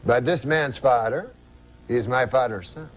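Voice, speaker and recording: A man's voice: mid-range voice, unhurried, voice pushed down, lightly acted. A man doing a French-accented eager uncle. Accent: French put-on. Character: excitable old French-Canadian uncle.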